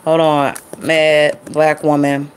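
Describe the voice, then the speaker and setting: A woman's voice: sits low, flat delivery, slow, clean tone. A woman vlogger chatting loosely and off the cuff to her viewers, calling them y'all. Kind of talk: casual impromptu vlog chat.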